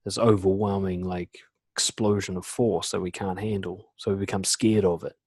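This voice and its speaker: A man coaching in a casual webinar talk, full of "you know" and "like", acting out quoted lines in lively voices. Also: low voice, normal speed, husky, dry recording. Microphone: computer mic on a video call.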